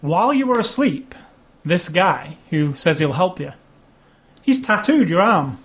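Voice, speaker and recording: A man's voice: high-pitched, sing-song, a little slow, a bit bright. A man co-hosting a casual chat about video games, rambling along with restarts and fillers. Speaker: podcast co-host.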